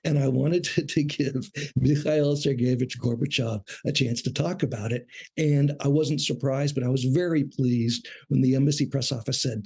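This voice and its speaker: A middle-aged man, a guest on an interview show, talking in a measured, thoughtful way about his years as a foreign correspondent. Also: mid-range voice, fairly even intonation, gravelly, dark tone, husky. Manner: measured, thoughtful, with small restarts. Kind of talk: reflective interview talk.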